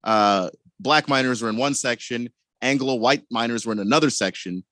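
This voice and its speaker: A man's voice: mid-range voice, moderate pace, fairly bright tone, dry recording. Man reading facts on the radio, matter-of-fact. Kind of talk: reading out a search result.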